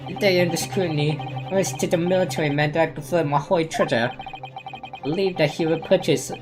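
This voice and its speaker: A woman streamer voicing an eccentric old man witness from a game, speaking in archaic formal phrasing with her voice pushed lower. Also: natural voice. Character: eccentric old male treasure-hunting witness. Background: game music.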